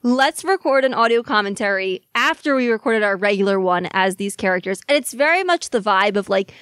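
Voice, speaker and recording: A woman's voice: mid-range voice, animated, a little fast, fairly bright tone, smooth, dry recording, studio quality. A young woman co-hosting a podcast, telling stories in an enthusiastic, casual way. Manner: enthusiastic, storytelling. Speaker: podcast co-host. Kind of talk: casual chat.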